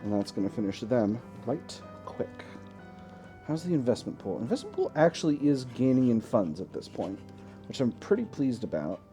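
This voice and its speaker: A man hosting a let's play, thinking aloud in a relaxed way as he plays a strategy game. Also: medium pitch, normal speed, soft background music. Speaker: gaming channel host.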